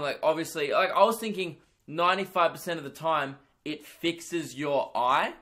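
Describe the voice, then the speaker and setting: Rambling young comedian, slightly high voice. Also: male voice, normal speed. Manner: rambling, animated storytelling with frequent swearing and filler words. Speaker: comedian podcast host. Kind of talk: solo comedy podcast monologue.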